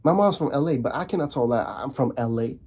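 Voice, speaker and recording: A man's voice: medium pitch, lively intonation, fast talker, darkish tone, slightly rough. A man from the Netherlands ranting casually on camera, repeating himself and firing rhetorical questions. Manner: repetitive, restarts often, asks rhetorical questions. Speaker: commentary vlogger. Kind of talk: casual rant.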